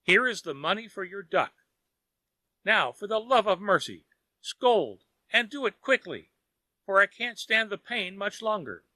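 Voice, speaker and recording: A man's voice: sits high, very animated, measured pace, bright, forceful tone, dry recording, voice pushed up, heavily acted. A man doing a frantic, begging old miser. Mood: pleading. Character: miserly desperate old man, wailing and pleading.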